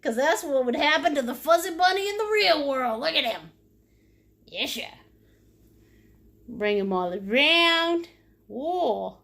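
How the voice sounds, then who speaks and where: Giggly high-voiced woman teaching painting. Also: lively intonation, a little slow, gravelly, pauses often, a bit bright. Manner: silly, giggly, playful with made-up words; chats with viewers' comments while painting. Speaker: painting instructor. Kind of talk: live-streamed painting lesson.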